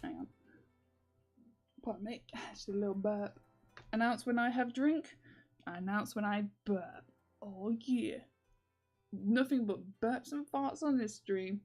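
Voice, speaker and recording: A woman's voice: mid-range voice, measured pace, long pauses, a little mellow. A young woman chats on a stream in a mid-range voice, rambling with many fillers and frequent laughter. Faint music plays behind her. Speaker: comic artist streaming. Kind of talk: casual livestream chat.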